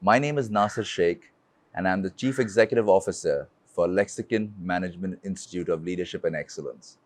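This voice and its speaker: A man's voice: sits low, fairly quick, no room sound. A man from India, giving an earnest motivational talk as a leadership speaker, telling a personal story and asking rhetorical questions.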